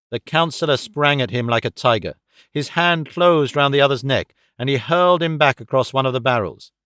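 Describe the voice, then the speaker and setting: A man narrating a thriller audiobook in a measured storytelling voice. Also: medium pitch, a bit bright, clean tone, no echo, clean studio sound. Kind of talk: scripted narration.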